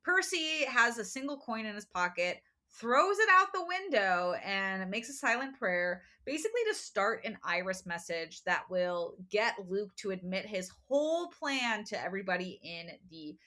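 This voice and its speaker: Bright, animated woman recapping a book. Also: mid-range voice. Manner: animated storytelling with quick voiced quotes and laughs. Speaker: podcast co-host. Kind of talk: casual book recap chat.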